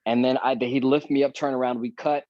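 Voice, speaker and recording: A man talks through a video call, relaxed and joking as he tells stories from his career. His voice comes through dull and dry, with little room sound. He speaks at an ordinary pitch. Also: brisk, dry recording. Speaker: actor guest. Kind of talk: casual podcast chat.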